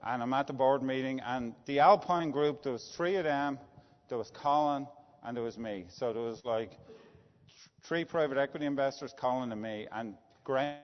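A middle-aged Irish business executive tells a story conversationally in a medium-pitched voice at normal speed, often checking in with tag questions like "right?". The recording is dull and lo-fi, with long reverb.

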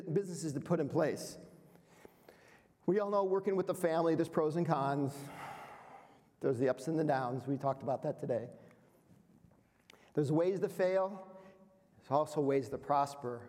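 A man's voice: fairly high pitch, moderate pace, pauses often, darkish tone. A man in his fifties giving a motivational seminar talk to business owners, playful and self-deprecating, quizzing the audience. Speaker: speaker at a business workshop. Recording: reverberant hall sound.

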